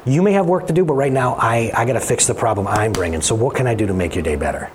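A man's voice: mid-range voice, animated, fast talker, a little hiss or hum, voice pushed down, close to an everyday voice. A man voicing an earnest, weary husband in a troubled marriage, quoted within a sermon.

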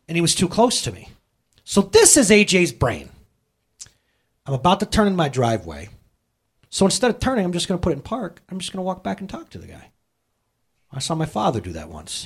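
A man in his thirties preaching a sermon, telling everyday stories with lively swings and sudden loud outbursts. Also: medium pitch, breathy edge. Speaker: pastor.

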